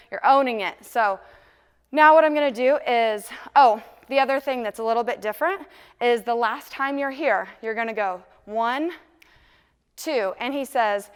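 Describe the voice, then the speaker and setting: A woman's voice: a little high, a bit bright, smooth, big-room sound. A young woman teaching a dance routine, counting steps aloud and cheerfully talking through each move. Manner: upbeat, counts moves aloud and sings lyric snippets. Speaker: dance instructor. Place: dance studio.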